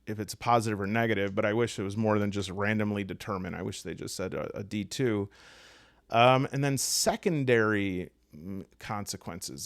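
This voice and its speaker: A man's voice: medium pitch, no echo, studio quality. A man with a Midwestern accent walking through tabletop game rules on his own, thinking aloud and cracking jokes. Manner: rambling, joking asides, thinking aloud. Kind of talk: solo tabletop rules walkthrough.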